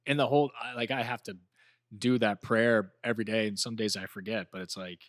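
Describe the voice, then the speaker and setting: A man's voice: fairly low pitch, steady tone, no room sound, studio quality. A man co-hosting a podcast in casual chat, laughing often and quoting himself while telling stories. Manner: fast talker, laughs a lot, quotes himself in dialogue. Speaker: podcast co-host.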